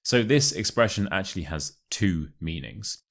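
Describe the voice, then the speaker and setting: A young man with a modern RP British accent teaching English expressions, speaking clearly and slowing down for example phrases. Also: sits low, lively intonation, a bit bright. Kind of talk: online English lesson.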